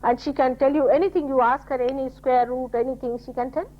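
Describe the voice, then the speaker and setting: An older woman giving a spiritual talk to her followers, telling stories with quoted dialogue and scolding in an animated way. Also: sits high, quick pace. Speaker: spiritual teacher. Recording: dull lo-fi 1980s tape.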